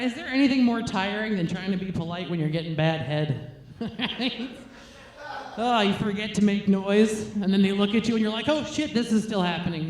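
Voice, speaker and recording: A woman's voice: medium pitch, darkish tone, slight background noise. A woman doing a stand-up set while nursing her baby, blunt, crude and self-mocking, laughing between lines. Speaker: stand-up comic. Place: comedy stage, roomy venue. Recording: roomy live venue recording.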